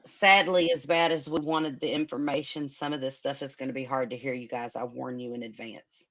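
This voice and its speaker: A woman's voice: a bass voice, steady tone, brisk, fairly bright tone. A woman hosting a casual livestream chat, emotional and hesitant, filling her talk with many ums. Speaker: livestream host.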